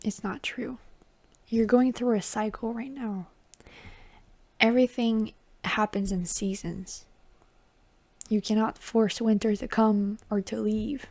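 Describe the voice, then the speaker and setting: A woman giving a tarot reading, talking softly and reassuringly, often dropping into a whisper and calling the listener baby or honey. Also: fairly high pitch, fairly even intonation, a little slow. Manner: chatty and affectionate, calls the listener baby and honey. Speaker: tarot reader. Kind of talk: intuitive tarot reading to viewers.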